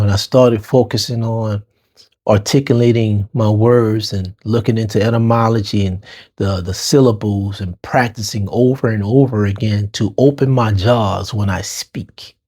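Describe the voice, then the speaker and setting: A middle-aged man from New Orleans's Lower Ninth Ward with a New Orleans accent, hosting his own show and telling a personal story in a casual, slangy way, talking straight to listeners. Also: warm tone, slightly rough. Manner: casual, street-slang phrasing, talks to listeners as y'all. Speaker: podcast host.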